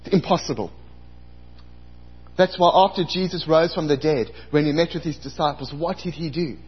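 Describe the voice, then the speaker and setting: High-voiced preacher, husky and animated. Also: male voice, normal speed. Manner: animated storytelling, acts out his own past outbursts. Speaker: pastor. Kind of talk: sermon. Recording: dull lo-fi recording.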